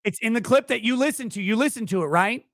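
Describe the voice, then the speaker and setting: Male host, high-pitched, confrontational and profane, heated debate, dead-dry recording. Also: expressive, quick pace, a bit bright, no echo. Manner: angry, confrontational, profane, repeats demands. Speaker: show host.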